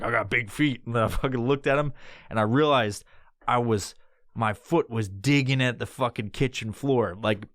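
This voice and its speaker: A podcast host in his thirties tells a rambling, profane story in casual conversation, slipping into loud, high-pitched voices whenever he quotes someone. The sound is clean studio audio with no echo.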